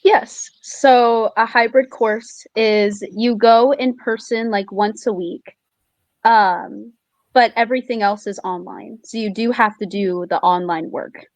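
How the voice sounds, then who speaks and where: A young woman, a college student, answering interview questions in a soft, hesitant way. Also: a little high, steady tone, slow pace, dry recording. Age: young adult. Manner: soft-spoken, hesitant, with many "um" and "like".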